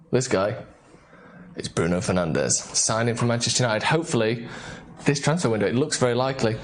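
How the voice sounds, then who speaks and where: A young man hosting a casual live football show, joking and rambling playfully. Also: mid-range voice. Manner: jokey, playful, rambling banter. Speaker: host. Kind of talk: casual live-stream chat.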